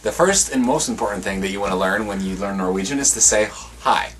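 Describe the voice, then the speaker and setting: A man's voice: on the low side, expressive, a bit bright, slight background noise. A young man from Norway, chatting casually and jokingly while teaching a few words. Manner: laid-back, joking, drawn-out words when teaching. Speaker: language teacher. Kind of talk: casual chat.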